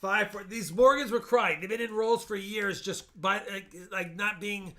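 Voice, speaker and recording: Bright high-voiced man hosting a coin stream. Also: moderate pace. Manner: chatty, jokey, talks coin grades and dates. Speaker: live stream host auctioning coins. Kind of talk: casual live auction chat.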